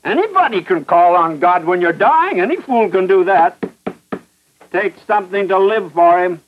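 A man's voice: high voice, animated, normal speed, a little hiss or hum. A man preaching a fervent sermon, hammering his points with repetition and rhetorical questions. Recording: muffled old radio broadcast.

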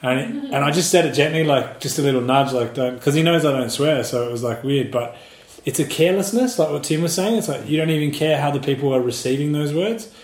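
A man who teaches martial arts and Qigong, speaking in an earnest, measured way during a reflective group discussion. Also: on the high side, reverberant.

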